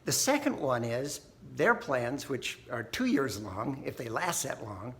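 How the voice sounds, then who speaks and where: A man's voice: mid-range voice, sing-song, measured pace, fairly bright tone. A man hosting a think tank video, talking casually and folksily, often laughing and tagging "right?" onto his points. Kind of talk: casual talk to camera.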